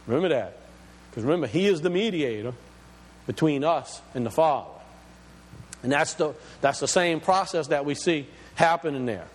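A man's voice: on the high side, expressive, normal speed, slightly rough. A male preacher delivering an emphatic teaching sermon, asking questions and explaining scripture word by word. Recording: long hall reverb.

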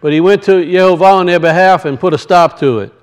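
Male Bible teacher, high clear voice, earnest sermon delivery with repetition. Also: fast talker, dull audio. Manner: earnest, repeats key phrases, calls for congregation response. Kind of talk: Torah portion teaching.

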